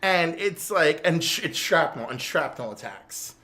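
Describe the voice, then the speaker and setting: A man's voice: a little high, a little slow. A man co-hosting a casual chat, telling stories animatedly with many fillers. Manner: animated storyteller, full of "like". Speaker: co-host. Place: game store.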